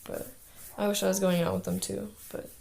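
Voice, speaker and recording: A woman's voice: medium pitch, flat delivery, a little fast, gravelly, darkish tone, a little hiss or hum. A teenage girl talking in a casual video diary as an exchange student, chatty and full of "like" fillers.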